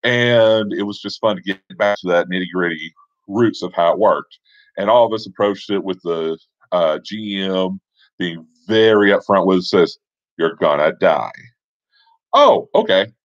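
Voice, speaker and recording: A man casually telling a tabletop game story, with relaxed asides and fillers. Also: sits low, normal speed, dry recording, lo-fi sound.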